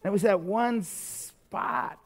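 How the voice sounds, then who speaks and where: A man's voice: sits high, takes it slowly. A middle-aged man preaching a sermon, casual and conversational, telling stories with lots of fillers and restarts. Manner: animated storytelling, conversational with many fillers. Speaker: pastor.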